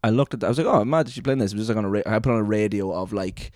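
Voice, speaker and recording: Young Irish man, low voice, animated storyteller, swears a lot, dry close sound. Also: rapid-fire, no echo. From Ireland. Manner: animated storyteller, swears freely, laughs often. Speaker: podcast co-host. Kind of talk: casual chat.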